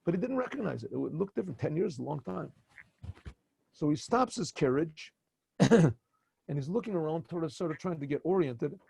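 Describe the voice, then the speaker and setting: A man, a rabbi, telling a story in an animated way and acting out each character. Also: fairly high pitch, brisk, creaky, breathy edge. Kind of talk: storytelling talk.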